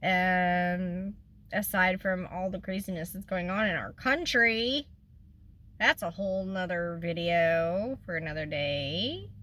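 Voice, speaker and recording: A woman's voice: on the low side, takes it slowly, bright, forceful tone. A woman, talking in a rambling, emotional way in a casual personal vlog, tearful at times. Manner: rambling and emotional, trails off and restarts. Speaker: vlogger.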